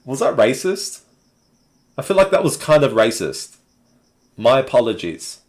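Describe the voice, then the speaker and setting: An Australian man, speaking in a mid-range voice at a slightly slow pace, hosts a casual live chat stream. He talks to his viewers in a relaxed, meandering way, full of fillers.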